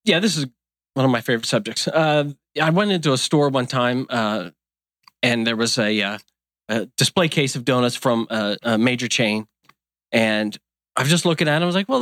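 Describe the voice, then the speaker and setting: A man's voice: medium pitch, fairly bright tone, no echo, clean studio sound. A man in his fifties who owns a donut shop, talking in a casual interview in an earnest, folksy, rambling way. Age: 50s.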